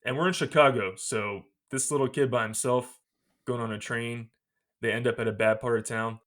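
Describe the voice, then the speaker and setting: A man hosting a podcast, retelling a movie scene by scene in a casual, animated way and laughing often. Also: mid-range voice, normal speed. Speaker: podcast host.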